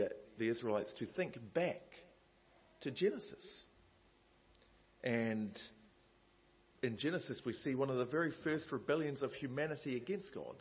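A man's voice: medium pitch, husky, highs cut off. A man preaching a sermon in a conversational way, with many asides and fillers.

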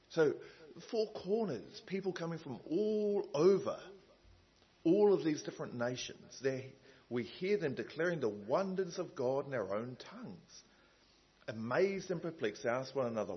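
A man's voice: a little high, breathy edge, lo-fi sound. A man preaching a sermon in a conversational way, with many asides and fillers.

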